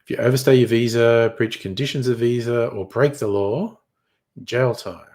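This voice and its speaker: A man's voice: mid-range voice, fairly even intonation, moderate pace, darkish tone. A young man reading headlines in a casual chat, crude and sardonic, swearing freely. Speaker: streamer.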